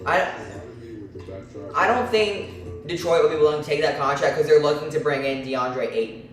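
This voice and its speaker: A man's voice: on the high side, normal speed, distant mic, faint music behind. A man does casual live commentary as host of a sports stream. He hesitates, fills gaps with ums and starts phrases over. His voice sits well back from the mic in a very echoey room. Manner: hesitant, many fillers and restarts.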